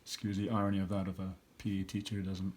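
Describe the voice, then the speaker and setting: A man's voice: low-pitched, completely flat delivery, fast talker, darkish tone, slight background noise. A middle-aged man, an elementary school teacher, walking students through a recorded review lesson and thinking aloud step by step.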